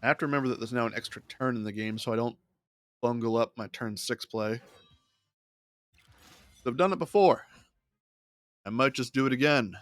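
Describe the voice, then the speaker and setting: Medium in pitch and normal in speed, this man pauses often as he casually talks himself through a digital card game on stream, muttering moves and ideas. There's no echo.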